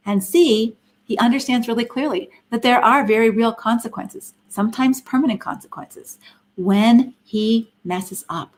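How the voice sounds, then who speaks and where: A woman's voice: fairly high pitch, normal speed. A middle-aged woman giving an earnest, emphatic teaching talk on a live stream, asking many rhetorical questions. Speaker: Christian counselor and speaker.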